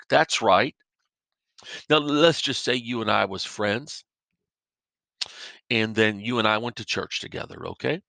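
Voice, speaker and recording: Gravelly-voiced man preaching a casual sermon. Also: on the low side, a little slow, pauses often, pushed and bright, dry recording. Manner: folksy, repetitive, illustrates with everyday stories. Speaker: podcast preacher. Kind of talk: conversational sermon.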